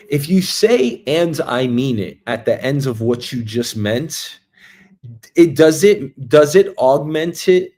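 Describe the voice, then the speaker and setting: Rambling New man riffing solo. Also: medium pitch. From Queens, New York, US. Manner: meandering, musing, jumps between loud bursts and quiet asides. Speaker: show host. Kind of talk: rambling comic monologue. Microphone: streaming mic.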